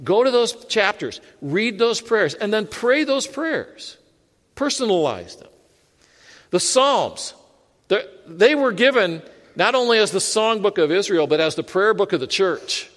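Male pastor, sermon delivery; higher register, conversational, self-deprecating humor; reverberant sanctuary. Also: very animated, measured pace, fairly bright tone. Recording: long hall reverb.

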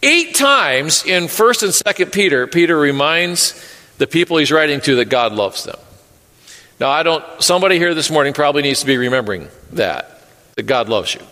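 Male pastor, earnest sermon with jokes; bright tone, reverberant sanctuary. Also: a little high, very animated, normal speed. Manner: earnest, repeats words, light humor. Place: church sanctuary.

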